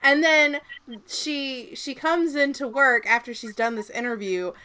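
A woman with a light Southern accent chats casually on a podcast, telling the story in an animated, swearing way. Her voice sits fairly high and sounds bright and sharp. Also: measured pace, smooth. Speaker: podcast co-host.

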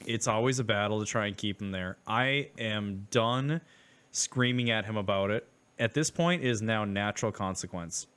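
Man, father, casual chat, matter-of-fact, fairly low voice. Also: moderate pace, a bit bright, smooth. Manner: matter-of-fact, explains his parenting rules. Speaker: father of a young son.

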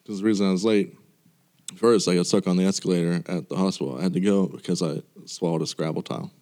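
A man co-hosting a casual chat, telling deadpan jokes and laughing loudly. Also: low voice, fast. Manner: jokey, deadpan punchlines, big laughs.

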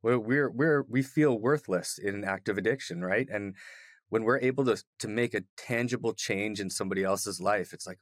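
A man's voice: lowish voice, moderate pace, no room sound. Encouraging male podcast host. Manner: encouraging, affirming listener. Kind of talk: casual interview chat. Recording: dry close sound.

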